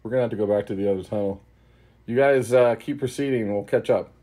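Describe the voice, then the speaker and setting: A man voicing a gruff, practical adventurer who speaks bluntly. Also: fairly low pitch, quick pace, mellow, close to an everyday voice. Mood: concerned.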